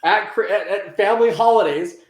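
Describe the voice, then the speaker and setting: In a casual interview about working with teens, a man acts out quoted dialogue in lively voices and frequently restarts his sentences. His voice is high-pitched and brisk, with a roomy echo in the recording.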